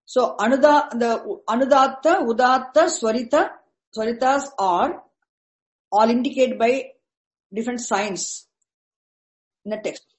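A high-voiced woman patiently explains Vedic chanting accents to a class, often repeating herself, restarting words, and spelling out terms slowly. The recording is rough.

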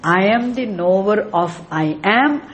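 Slow, emphatic male spiritual teacher. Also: sits high, expressive, a bit bright, a little hiss or hum. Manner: emphatic, repetitive, chuckles often. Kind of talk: scripture lecture.

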